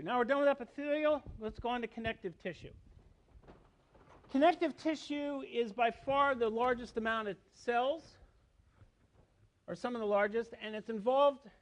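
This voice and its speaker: Man, middle-aged, high voice, university biology lecture, explanatory, asks questions. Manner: explanatory, asks students questions, frequent "okay?". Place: lecture hall.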